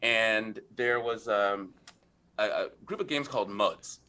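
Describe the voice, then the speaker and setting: A man's voice: fairly low pitch, takes it slowly, bright, forceful tone. A middle-aged man, a podcast guest, telling a rambling story in casual interview talk, full of fillers and restarts.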